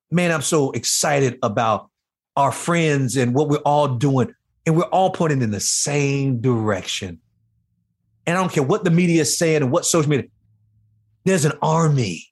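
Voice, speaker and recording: A man's voice: medium pitch, breathy edge. A man as a podcast guest giving an emotional personal testimony with a fervent, preacher-like delivery.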